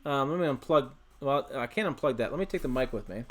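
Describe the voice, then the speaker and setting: A man's voice: medium pitch, expressive, fast. Rambling man on a livestream. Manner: rambling, self-correcting, swears casually. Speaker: channel host. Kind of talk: casual livestream chat. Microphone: desk USB microphone.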